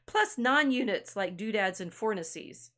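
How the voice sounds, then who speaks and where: A woman's voice: mid-range voice, animated, unhurried, sharp tone. A woman reading aloud and voicing an impatient, know-it-all male toy bear who keeps adding rules. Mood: pedantic. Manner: pedantic, impatient interrupting.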